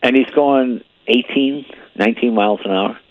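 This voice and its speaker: A man's voice: mid-range voice, moderate pace, no echo. A man in his seventies, a comedian guest, telling rambling anecdotes and acting out the voices in them. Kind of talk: phone-in interview, storytelling. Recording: muffled lo-fi radio line.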